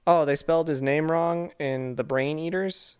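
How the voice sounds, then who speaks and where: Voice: medium pitch, fairly even intonation, normal speed, clean tone. Laid-back giggly podcast co-host. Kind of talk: casual chat.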